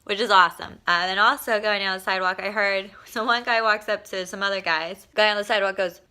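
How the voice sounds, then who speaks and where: A woman's voice: medium pitch, fairly even intonation, a little fast, hardly any pauses, sharp tone. A young woman vlogger, exhausted after a long day, chatting loosely to camera, laughing and swearing freely. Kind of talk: casual vlog chat.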